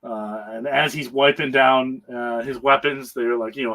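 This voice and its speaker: A man's voice: medium pitch, fairly even intonation, a little slow, fairly bright tone, low-quality recording. A man on a comic book panel recapping a story in casual, rambling talk, full of hesitations and frequent chuckles.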